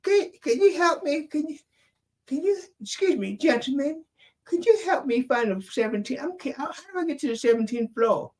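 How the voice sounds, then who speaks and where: A man voicing a frail, polite rich old lady in a high, thin voice. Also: animated, moderate pace, darkish tone. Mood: pleading.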